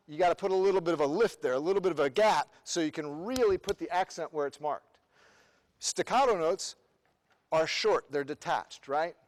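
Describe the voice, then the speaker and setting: Man counting off a band in a reverberant hall. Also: on the high side. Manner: counts off and sings rhythms to demonstrate; quizzing players with quick questions. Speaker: band clinician. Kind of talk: rehearsing a concert band. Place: band rehearsal room. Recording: long reverb of a large hall.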